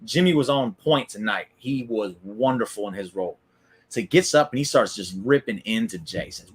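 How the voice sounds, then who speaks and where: A man's voice: on the low side, slightly rough. A man hosting a casual wrestling recap stream, chatty and opinionated, talking back to viewers in the chat. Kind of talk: casual live-stream commentary.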